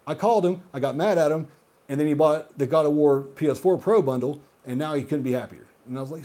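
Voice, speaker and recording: A man hosting a gaming video who rants heatedly and profanely, swinging between loud outbursts and muttered asides. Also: fairly high pitch, fast talker. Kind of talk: solo rant monologue.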